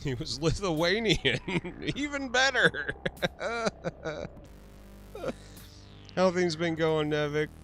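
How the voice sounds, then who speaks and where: A man's voice: on the high side, very animated, slow, pauses often, pushed and bright, soft background music. A man hosting a casual livestream, laughing often, swearing freely and answering his chat. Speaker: livestream host.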